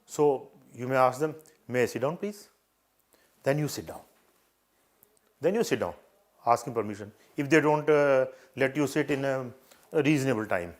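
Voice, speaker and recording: A man's voice: medium pitch, moderate pace. An older man from India gives earnest advice on interview etiquette. He repeats key points and acts out greetings and gestures as he goes. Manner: earnest, repetitive advice with demonstrations. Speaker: interview coach. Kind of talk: live coaching session.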